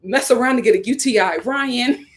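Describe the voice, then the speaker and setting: A young woman, hosting a live-stream review and ranting in animated, casual commentary, repeating lines for emphasis. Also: moderate pace. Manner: animated, repeats lines for emphasis, swings between loud outbursts and low mutters. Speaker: YouTube reality-TV reviewer.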